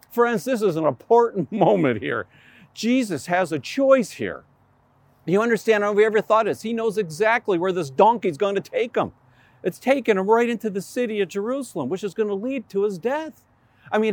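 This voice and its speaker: A man preaching with a high, lively voice that swoops up and down as he tells the story. He talks like an animated storyteller from the pulpit and acts out what the crowd shouts. The sound is dry and close. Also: normal speed, dry recording. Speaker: pastor. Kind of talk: sermon.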